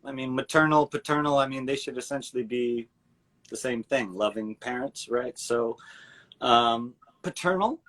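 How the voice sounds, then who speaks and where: A man's voice: medium pitch, normal speed, fairly bright tone, low-quality recording. A man, a voice actor, chatting casually on a video call in a hesitant, rambling way. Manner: rambling, hesitant, many restarts. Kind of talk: casual chat.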